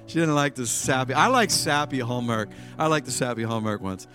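A man preaching a sermon to a church congregation, animated and acting out scenes with sudden shouts. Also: medium pitch, fairly quick, over music. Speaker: pastor. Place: church with live and online congregation.

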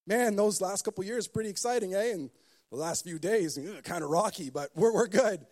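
A man's voice: high voice, normal speed, darkish tone, voice pushed up. A man putting on a breezy, offhand leader telling his team they are done. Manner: offhand, chummy, shrugging.

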